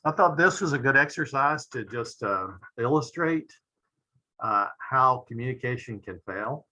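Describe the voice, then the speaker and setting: A middle-aged man, a pediatric intensivist, giving a measured medical lecture with frequent "uh" fillers and phrases that trail off quietly. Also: medium pitch, animated, rough recording.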